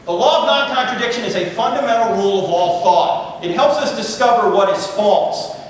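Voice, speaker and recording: A middle-aged man lecturing with a fairly high voice and a playful, joking delivery full of quick asides to the crowd. His voice rings through a large hall with long reverb, heard from a distance with faint noise underneath. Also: fairly bright tone. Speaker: guest speaker. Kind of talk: humorous lecture to a live audience. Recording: echoey hall, voice picked up from far off.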